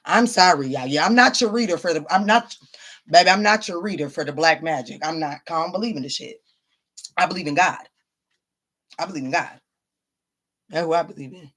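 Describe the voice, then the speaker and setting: A woman's voice: low voice, fairly quick, long pauses, fairly bright tone. A woman tarot reader chatting casually to viewers on a live stream, blunt and profane, calling them baby and honey and repeating her points for emphasis. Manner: emphatic, repeats lines for stress.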